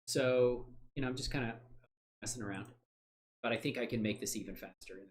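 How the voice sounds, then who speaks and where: A man hosting a software livestream, chatting casually and thinking aloud while he works, rambling and joking at his own expense with frequent laughs. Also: mid-range voice, brisk, a little hiss or hum. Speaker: livestream host.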